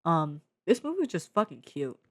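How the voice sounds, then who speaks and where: Low-voiced excitable young woman reviewer. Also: moderate pace, no echo, clean studio sound. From Bay Area, US. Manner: excitable, swears freely, slangy, many fillers. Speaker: vlogger reviewing media. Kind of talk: casual media review. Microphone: own desk mic.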